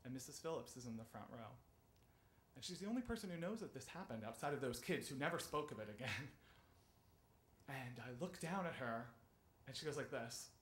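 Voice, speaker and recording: A man's voice: medium pitch, lively intonation, brisk, pauses often. A man telling a personal story on stage in a conversational way, with filler words and laughs, acting out the people in it.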